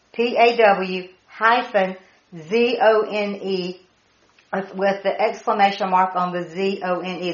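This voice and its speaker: A woman leading a Bible study, excited and animated, spelling out words and laughing as she teaches. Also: medium pitch. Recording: echoey muffled room audio.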